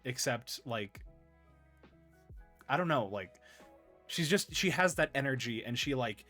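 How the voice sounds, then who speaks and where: Animated laughing male podcast host. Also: medium pitch, a little slow, faint music behind. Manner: animated, excitable, laughs often. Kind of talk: casual interview chat.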